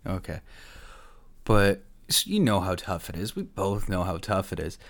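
A man's voice: low-pitched, expressive, moderate pace, no echo. A man hosting a podcast, chatting casually in a blunt manner and swearing freely. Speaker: podcast host. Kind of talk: casual chat.

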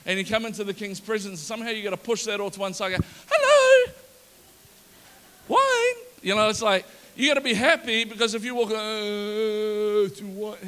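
A male pastor preaching a sermon in a lively storytelling manner and acting out the people in the story. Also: sits high, racing, hardly any pauses, big-room sound. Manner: animated, storytelling, acts out the characters.

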